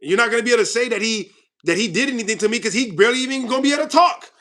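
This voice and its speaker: A man hosting his own channel, ranting to viewers in a heated, confrontational way, swinging between loud outbursts and quiet asides. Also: very high voice, very fast. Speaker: channel host.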